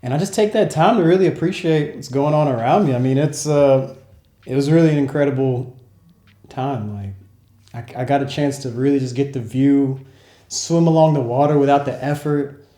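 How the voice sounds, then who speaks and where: A young man, a travel vlogger, casually telling a story to camera in a relaxed, slangy way with frequent laughs. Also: medium pitch, moderate pace, reverberant. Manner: laid-back, laughing, slangy, acts out quotes.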